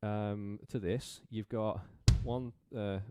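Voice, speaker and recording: Brief: English male drum teacher, lowish voice, counts beats out loud, loud drum kit behind. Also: fairly even intonation, slow pace, over loud music. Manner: counts beats aloud, explains casually with fillers. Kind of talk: live-streamed drum lesson. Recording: drum kit playing in the background.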